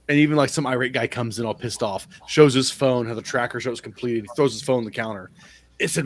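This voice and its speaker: A man's voice: mid-range voice, quick pace. A man hosting a casual podcast, telling a story in a laid-back way, quoting people and swearing casually. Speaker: podcast host. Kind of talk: casual chat.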